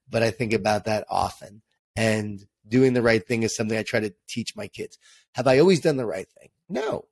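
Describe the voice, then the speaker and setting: A man's voice: medium pitch, no room sound. A man who co-wrote a book, talking in an upbeat, inspirational way as a podcast guest. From Long Island, New York. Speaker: co-author and guest. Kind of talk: podcast interview answer.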